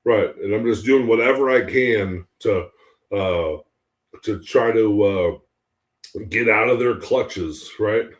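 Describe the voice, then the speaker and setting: A man's voice: fairly low pitch, slow. A man co-hosting a podcast, talking casually and rambling with many fillers. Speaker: podcast co-host. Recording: echoey room.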